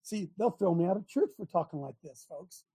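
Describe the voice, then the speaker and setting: A male talk show host sermonizes more than he chats, firing rhetorical questions at his listeners and mocking what he opposes in an animated way. His husky, breathy voice moves briskly, its pitch leaping up and down as he hammers each point.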